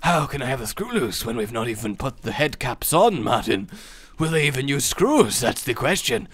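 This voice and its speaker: A man voicing a goofy male zombie enemy with a playful, put-on accent of no clear place. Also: medium pitch, sing-song, very slow, a bit bright, no room sound, exaggerated voice. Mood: chummy. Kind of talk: comic voice acting during gameplay commentary.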